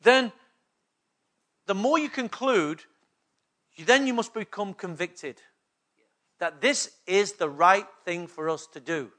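A man preaching a sermon with a high, bright voice. He hammers his points home through repetition and keeps asking the room for agreement. His delivery is emphatic, as a pastor addressing his own congregation. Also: slow, long pauses. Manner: emphatic preaching with repeated call-and-response questions.

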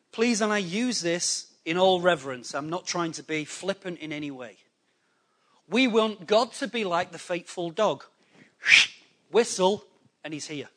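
A man preaching a sermon to a congregation, animated and conversational, acting out people's excuses in quick quoted voices. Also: high voice. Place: church hall before a congregation.

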